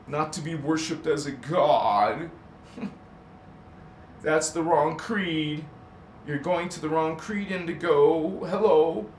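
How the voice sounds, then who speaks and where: A man hosting a casual spiritual live stream, rambling and emphatic, correcting himself as he goes and chuckling between thoughts. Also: on the high side. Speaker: livestream host. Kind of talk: casual spiritual livestream talk. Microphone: desk microphone. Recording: echoey room, faint hiss.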